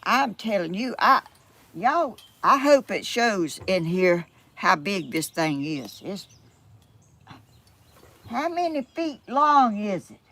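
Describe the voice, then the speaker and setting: A medium-pitched, sing-song voice, slightly bright, comes slowly and with frequent pauses from an older Southern woman from Georgia, USA. She's a vlogger chatting casually to her camera at home by a yard, folksy and rambling with many exclamations.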